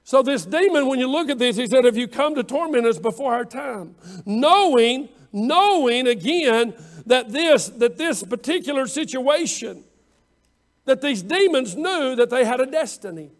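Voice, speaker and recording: High-voiced preacher, fervent sermon. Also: male voice, animated, moderate pace. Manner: rising to fervent, emphatic preaching with call-outs to the congregation.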